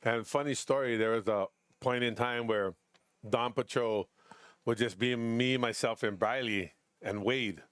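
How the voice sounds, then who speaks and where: A middle-aged man calls a surf contest in a relaxed, chatty way. He tells stories with lots of life and jumps up in pitch to act out his friends. His voice sounds dry and close, with no room around it. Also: unhurried, clear, resonant tone, no echo. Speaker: surf commentator. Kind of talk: casual live surf commentary and storytelling.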